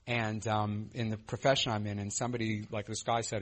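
A man's voice: lowish voice, little pitch movement, brisk. A man in his thirties telling his own recovery story at a meeting, candid and self-mocking, with many fillers and restarts. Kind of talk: personal testimony share.

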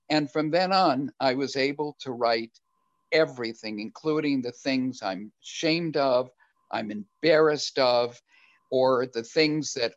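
An older man speaking earnestly and reflectively as a guest speaker, answering questions about his recovery in a halting way. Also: medium pitch, dry recording. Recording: dull lo-fi recording.

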